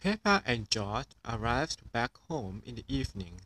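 A man reading a children's picture book aloud in an even storytelling voice. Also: mid-range voice, unhurried, dry recording, rough recording. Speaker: storybook reader.

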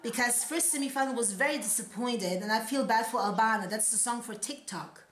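A woman with German as her first language, reacting live and excitedly, often laughing and gushing. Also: fairly high pitch, a little fast. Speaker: reaction vlogger. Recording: echoey room with broadcast crowd behind. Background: crowd from broadcast playing.

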